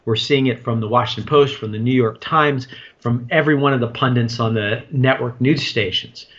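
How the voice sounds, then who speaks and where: A man's voice: mid-range voice, moderate pace, a bit bright. A man co-hosting a political talk show, speaking earnestly and often restarting his sentences. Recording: dull lo-fi recording.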